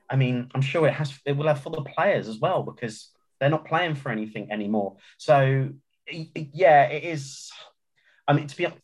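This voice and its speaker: Guy rambling about football on a podcast, keeps restarting his sentences. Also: mid-range voice. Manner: rambling, hesitant, many restarts. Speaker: podcast guest. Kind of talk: casual podcast chat.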